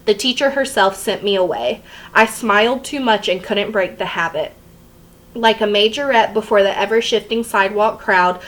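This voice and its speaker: A woman's voice: mid-range voice, rough recording. A woman reading a memoir aloud chapter by chapter for students to follow along, now and then stopping to explain a line. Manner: steady, plain read-aloud pacing. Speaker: teacher reading to a class.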